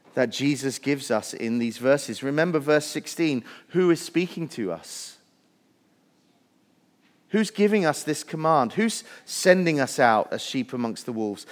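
Male pastor, earnest sermon delivery, slightly high-pitched, church hall echo. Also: animated, unhurried. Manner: earnest preaching, building lists with rising emphasis. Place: church sanctuary.

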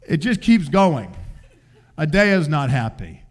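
An older man preaching, telling a family story in an animated way and acting out voices. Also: medium pitch, moderate pace. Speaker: pastor. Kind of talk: sermon storytelling.

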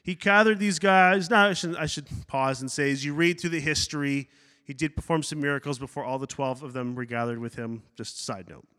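Bright-voiced man preaching in an echoing hall. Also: fairly high pitch, a little fast. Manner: animated preaching with asides and acted-out quotes. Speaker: pastor. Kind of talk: sermon. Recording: long hall reverb.

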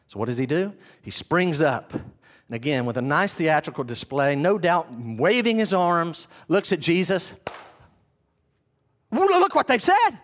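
A man preaching with animated storytelling, his voice sitting on the higher side. He talks directly to his congregation and builds the scene with vivid detail. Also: moderate pace. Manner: animated storytelling, addresses listeners as "guys". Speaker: pastor. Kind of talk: sermon.

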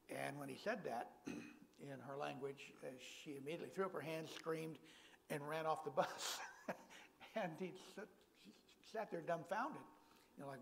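A man's voice: a little high, normal speed, vocal fry, in a large hall, slight background noise, low-quality recording. An older man preaching as a guest pastor in a church, speaking in a folksy way with self-deprecating humor. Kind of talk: sermon.

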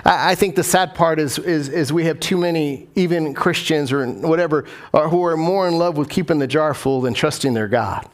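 A man's voice: a little high, normal speed, few pauses. A man preaching a sermon as pastor, repeating key phrases for emphasis and putting questions to his congregation.

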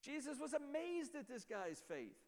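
A man preaching a sermon as a pastor, emphatic and explanatory, often dropping to a low, quiet voice. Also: very animated, normal speed, big-room sound.

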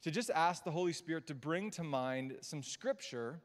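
A man preaching a casual, conversational sermon to a live church congregation. He is chatty and warm, often restarts mid-sentence, and turns gushing and excitable when he reacts. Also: fairly high pitch, moderate pace. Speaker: guest preacher. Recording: long reverb of a church sanctuary.

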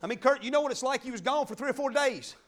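A middle-aged man preaching a sermon, fervent and emphatic, swinging between loud declarations and quiet asides. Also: very high-pitched, fast. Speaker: pastor.

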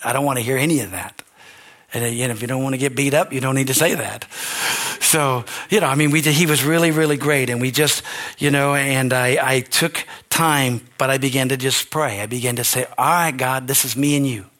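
An older man, a pastor, preaching an earnest, emotional sermon that swings from quiet to shouting. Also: mid-range voice, fairly even intonation, brisk.

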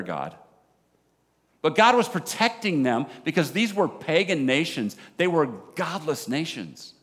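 A man with a Southern American accent preaching a sermon as a pastor, animated, dropping low and quiet for emphasis. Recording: long hall reverb.

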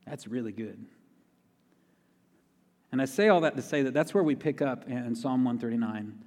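A man's voice: mid-range voice, lively intonation, brisk, darkish tone. A man preaching a sermon in a conversational way, repeating key phrases for emphasis. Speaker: pastor. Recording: long reverb of a large hall.

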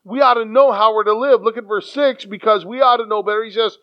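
A man preaching a sermon in an animated way, acting out quoted voices and often repeating his words. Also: high-pitched, fast, smooth. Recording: dull lo-fi sound.

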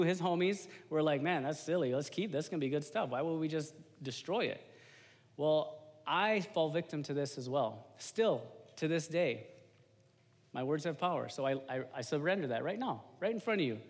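Casual male preacher in a reverberant hall. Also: on the high side. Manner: casual, animated, slangy, talks to the congregation. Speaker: lay preacher giving a testimony. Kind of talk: informal sermon.

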